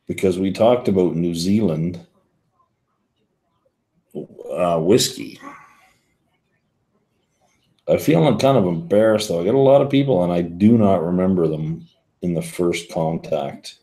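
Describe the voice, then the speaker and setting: Deep-voiced man chatting on a livestream. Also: measured pace, long pauses, warm tone. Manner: rambling, answering viewer comments aloud. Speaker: whisky show host. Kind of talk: casual livestream chat.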